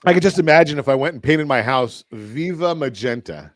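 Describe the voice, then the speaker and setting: A man's voice: on the high side, animated, a little fast, a bit bright, no room sound. Chatty male radio host, dry studio sound. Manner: rambling, self-correcting, joking. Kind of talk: casual radio chat.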